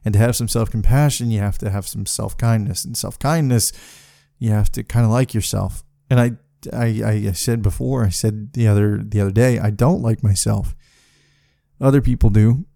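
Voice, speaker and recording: A man hosting a solo podcast, talking in a halting, profane way with many restarts and sounding frustrated. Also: on the low side, gravelly, mellow, no echo, studio quality. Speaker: podcast host. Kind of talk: casual solo podcast monologue.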